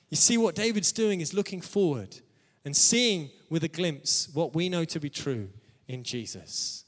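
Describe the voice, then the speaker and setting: Male preacher, higher-pitched, sermon delivery, laughs between phrases, church hall reverb. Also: animated, unhurried. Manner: calls out amen to the congregation.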